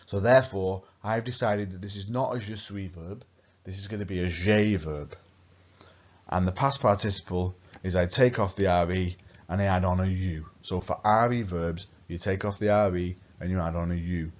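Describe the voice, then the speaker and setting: Patient male teacher, low lo-fi voice. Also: fairly even intonation, moderate pace. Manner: patient, repeats key points for emphasis. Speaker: language teacher. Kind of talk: recorded classroom lesson. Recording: dull lo-fi recording.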